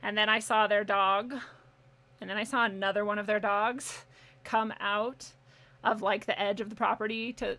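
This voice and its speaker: A woman's voice: mid-range voice, gravelly, sharp tone. A young adult woman telling a personal story in a casual, candid way, swearing freely and laughing now and then. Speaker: podcast guest.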